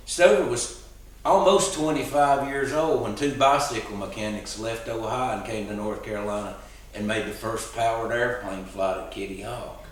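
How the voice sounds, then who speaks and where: A man telling a story in a relaxed, folksy way. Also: mid-range voice. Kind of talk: oral storytelling performance. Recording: roomy sound, distant mic.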